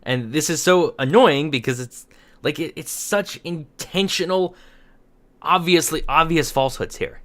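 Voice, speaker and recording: A man's voice: a little high, fairly bright tone. A young man in casual commentary, reading out an article and picking it apart in a rambling, argumentative way with many restarts. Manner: rambling, restarts sentences, frequent fillers, argumentative. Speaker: commentary channel host.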